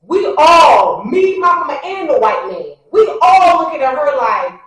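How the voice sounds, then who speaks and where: A woman vlogger telling a story casually to her viewers, animated and acting out what people said. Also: sits high, a little slow. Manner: talks straight to the audience, addressing them directly. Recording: very echoey, a bit far from the mic.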